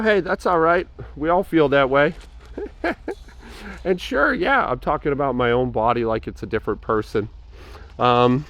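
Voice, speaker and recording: A man's voice: mid-range voice, fairly bright tone. A tired man talking casually and reflectively over his workout, rambling with fillers and a self-deprecating tone. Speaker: fitness vlogger. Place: home gym.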